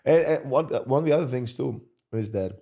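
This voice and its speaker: A man's voice: medium pitch, fairly quick, creaky, warm tone. A man hosting a sports podcast, talking casually and animatedly, often repeating himself and restarting sentences. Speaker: podcast host, former basketball player.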